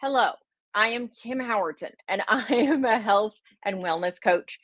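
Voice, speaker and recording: A woman's voice: fairly high pitch, normal speed, fairly bright tone, no room sound, dull audio. A middle-aged woman, a health and wellness coach, chatting casually on a livestream with a slight Southern American twist, rambling and self-deprecating with many fillers. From United States.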